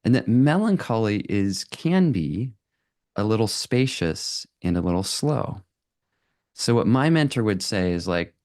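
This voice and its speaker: Male presenter with a low voice and dry, close sound, loose and chatty, slipping in fillers and little laughs. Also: dry recording. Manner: animated and conversational, with frequent fillers and laughs. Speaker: photographer giving a talk. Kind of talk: live presentation to an audience.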